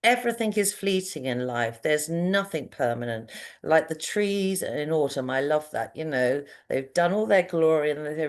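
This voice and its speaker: Low-voiced expressive woman. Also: moderate pace. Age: middle-aged. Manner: expressive, animated storytelling with big pitch jumps. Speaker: podcast guest, parenting coach. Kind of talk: conversational interview.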